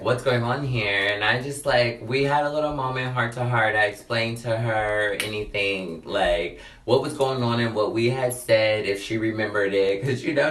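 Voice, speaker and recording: A man's voice: lowish voice, a bit bright, roomy sound, far from the mic. A man telling a dramatic storytime in a casual, chatty way, filling his talk with "like" and "honey". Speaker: vlogger.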